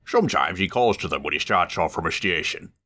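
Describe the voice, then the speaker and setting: A man reading a children's story aloud, expressive and animated. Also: low-pitched, fairly quick.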